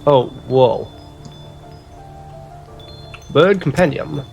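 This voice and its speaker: A young man chatting loosely over a game, joking and hesitating between thoughts. His voice sits at an average pitch, and soft music plays underneath. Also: extremely slow, gravelly, muffled recording. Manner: casual, joking, hesitant fillers. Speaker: gaming streamer. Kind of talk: let's-play commentary.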